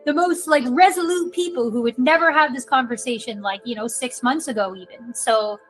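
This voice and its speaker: A woman's voice: a little high, a little fast, a bit bright, soft background music, rough recording. A woman guest talking in a casual conversational way, full of "like" and "you know".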